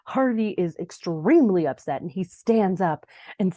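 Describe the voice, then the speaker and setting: A young woman with a low-pitched, mellow voice chats her way through a TV episode recap, jumping up into higher tones when she acts out the characters. The recording is close and dry, with no room sound. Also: expressive, measured pace, no echo. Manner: chatty, acts out quoted lines in a higher voice. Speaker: podcast host recapping a TV episode. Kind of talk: casual recap narration.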